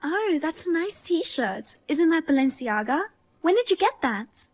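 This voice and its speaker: A woman's voice: high voice, very animated, measured pace, no room sound. A woman voicing a pregnant young wife who teases and taunts her cheating husband in a dubbed drama. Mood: teasing. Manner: teasing, taunting.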